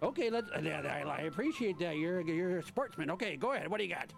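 A man hosting a casual radio segment, rambling and halting, often chuckling. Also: sits high, lively intonation, vocal fry, over music. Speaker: radio host.

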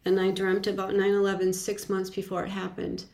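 A woman guest telling a personal story in a casual interview, halting and reflective, with frequent restarts and fillers. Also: medium pitch, completely flat delivery, creaky, a little mellow.

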